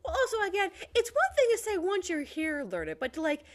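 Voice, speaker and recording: An American woman talking in a relaxed podcast chat. Her voice sits high and swings widely up and down as she tells the story, leaning on fillers and quick asides. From United States. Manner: animated storytelling, lots of fillers. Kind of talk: casual chat.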